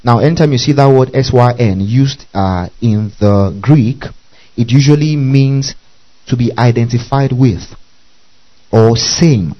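A man's voice: mid-range voice, a little slow, dull audio. Man teaching a Bible study. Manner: spells out Greek words letter by letter, checks in with "okay?".

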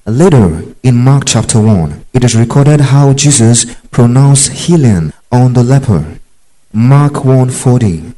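Emphatic preacher man with mellow tone. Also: mid-range voice, lively intonation, slow, rough recording. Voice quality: emphatic and repetitive, checking in with the listeners. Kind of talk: sermon-style Bible teaching.

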